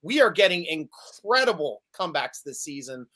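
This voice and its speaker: A man talking football casually as a podcast guest, animated and telling stories, often stammering and repeating words. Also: on the high side, normal speed. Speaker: podcast guest, Steelers fan. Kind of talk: casual sports chat.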